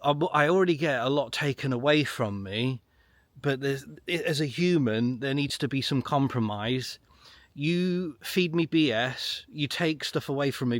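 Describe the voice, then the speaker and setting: A middle-aged man holds forth in a solo commentary, emphatic and repetitive, driving each point home. His voice sits at an ordinary pitch. The recording is dry and close, with no room sound. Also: dry recording. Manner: emphatic, repetitive, ranting with long pauses. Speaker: online political commentator. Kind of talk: solo monologue to camera.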